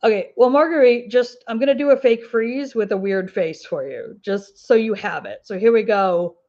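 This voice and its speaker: Chatting with her viewers during a crafting livestream, this Ozark twang speaker from the US mountains wanders from topic to topic, laughing often as she responds to comments. Her voice leans high and slightly mellow at a normal speed, and the recording has its highs cut off.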